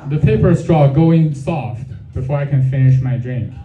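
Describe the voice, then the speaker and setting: A man's voice: medium pitch, expressive, normal speed, muffled recording. A male stand-up comedian who tells crude jokes with punchlines and teases the crowd. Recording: echoey room, mic off at a distance.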